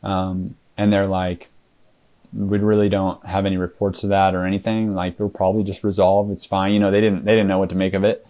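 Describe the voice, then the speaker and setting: A man being interviewed, recounting his experience haltingly with many fillers and restarts and acting out past conversations. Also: low-pitched, little pitch movement, warm tone, lo-fi sound. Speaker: interview guest. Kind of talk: casual storytelling interview.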